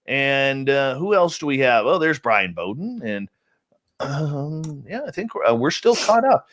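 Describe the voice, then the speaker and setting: A man's voice: medium pitch, big pitch swings, measured pace, a bit bright. A man hosting a live radio stream, joking casually as he greets people in the chat room by nickname. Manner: jokey, upbeat, rambling roll call with teasing nicknames. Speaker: radio show host. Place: home studio in central British Columbia.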